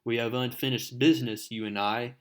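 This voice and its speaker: A man's voice: mid-range voice, fairly even intonation, fairly quick, a bit bright, natural voice. A man voicing a vengeful male supervillain from a comic book, speaking in formal, lordly threats. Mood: menacing.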